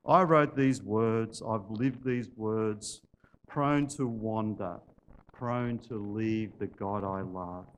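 A man voicing a remorseful man who has wandered from his faith, speaking quietly and haltingly. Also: lowish voice, steady tone, gravelly, a little hiss or hum, pitched below the performer's own voice. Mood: broken.

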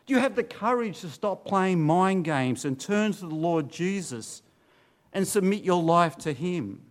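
A man preaching a sermon, swinging between loud urging and low, hushed warnings. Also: animated, unhurried. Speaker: pastor.

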